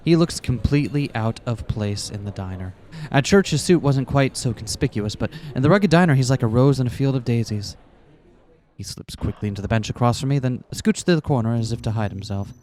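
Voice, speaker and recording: A man hosting a let's play, reading a visual novel aloud in a playful way with quick asides. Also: medium pitch, a little mellow.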